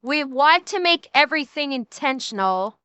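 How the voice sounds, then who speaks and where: High, bright, profane woman streamer. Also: expressive, normal speed, no room sound. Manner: profane, ranting, exasperated. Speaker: streamer reacting to a video. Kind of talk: live reaction stream.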